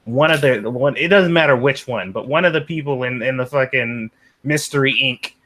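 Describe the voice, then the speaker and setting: A man speaking as a guest in a casual livestream chat, animated and mocking, swearing as he rants. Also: mid-range voice, moderate pace.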